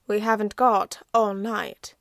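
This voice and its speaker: A woman voicing a smooth, teasing male stranger in an audiobook. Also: medium pitch, level tone, slow, dry recording, clean studio sound.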